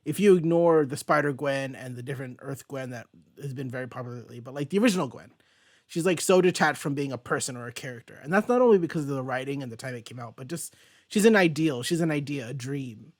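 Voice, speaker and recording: A man's voice: medium pitch, fast, no room sound, clean studio sound. A man hosting a casual comic book review chat, rambling and thinking aloud as he goes. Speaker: host.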